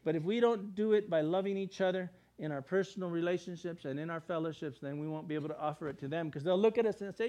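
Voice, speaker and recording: A man's voice: a little high, warm tone. A man preaching a sermon in a conversational, emphatic way, using plain everyday words and briefly acting out the people he quotes. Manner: acts out the people he quotes in quick voices.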